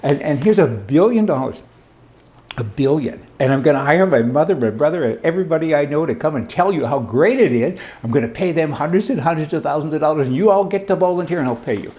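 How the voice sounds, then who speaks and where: A man's voice: on the high side, lively intonation, quick pace, a little mellow. A man hosting a casual political commentary monologue, sarcastic and emphatic, full of asides and rhetorical questions.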